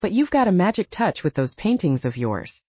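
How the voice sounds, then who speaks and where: A cautious young male werewolf who grumbles dryly about the cold, as a woman narrator puts him on. The voice sits low and mellow, with a lively pitch. The sound is dry and a bit dull. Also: moderate pace, husky, dry recording, heavily acted.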